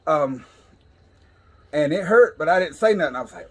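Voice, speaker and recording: A man's voice: a little high, animated, normal speed, a bit bright, a little hiss or hum. A man casually telling a funny story on a podcast, laughing as he goes. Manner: laid-back drawl, laughs while telling. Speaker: podcast co-host. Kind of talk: casual storytelling over whiskey.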